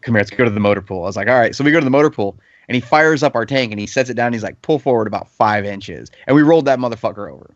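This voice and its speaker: A man's voice: mid-range voice, expressive, very fast, hardly any pauses, no echo. A man in his thirties, a podcast panelist telling a heated anecdote in casual chat, swearing freely. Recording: slightly dull lo-fi podcast audio.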